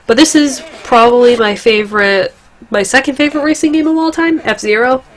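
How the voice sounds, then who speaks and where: A woman's voice: high voice, brisk, a little hiss or hum. Young woman all stuffed up from a cold, rambling casual chat, cusses here and there. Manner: rambling, chatty, swears casually. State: congested, stuffy nose. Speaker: gaming vlogger.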